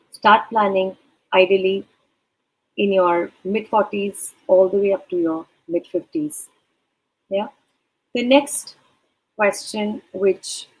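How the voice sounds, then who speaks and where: A woman with a slightly husky voice at a middle pitch gives career advice. She speaks in a measured way and talks straight to the listener. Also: darkish tone, low-quality recording. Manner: measured, advising, addresses listener directly. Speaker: career advisor. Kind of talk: advice talk.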